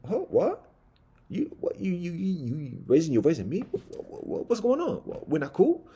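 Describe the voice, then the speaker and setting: A man's voice: a little high, wildly swooping pitch, normal speed, mellow, a little hiss or hum, voice pushed up. A man voicing a curious little mouse that asks nosy, incredulous questions. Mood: baffled.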